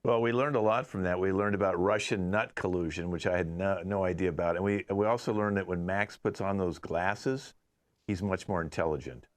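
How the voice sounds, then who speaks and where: A man's voice: low voice, a little fast. A man co-hosting a live online improv show, making wry, rambling asides over a video call. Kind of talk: joking co-host banter.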